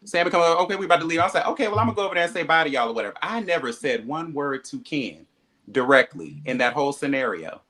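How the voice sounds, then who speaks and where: A man's voice: a little high, sing-song, racing, bright, forceful tone. A man animatedly telling a story, acting out quoted dialogue, with frequent swearing. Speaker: reality show cast member.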